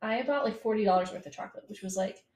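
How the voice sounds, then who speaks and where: A young American woman appearing as a podcast guest in casual chat, with dry asides that trail off softly. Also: medium pitch, fast talker. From United States. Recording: roomy sound with faint ambience.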